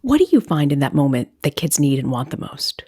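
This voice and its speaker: A woman's voice: sits low, sing-song, a little fast, dark tone, husky, no room sound, studio quality. A woman co-hosting a parenting podcast, asking frank questions and reacting as she listens. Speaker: podcast co-host. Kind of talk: casual interview chat.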